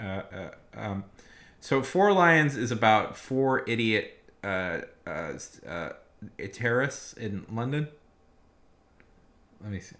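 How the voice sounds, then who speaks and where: Young male streamer, low voice with a lively, bright edge, rambling casual chat full of "like". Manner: rambling, lots of fillers, rants loudly when worked up.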